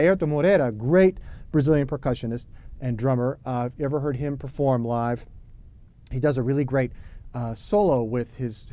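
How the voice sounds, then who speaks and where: Chatty middle-aged male drum teacher. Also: mid-range voice. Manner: relaxed, chatty, sings rhythm syllables. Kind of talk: spoken drum lesson.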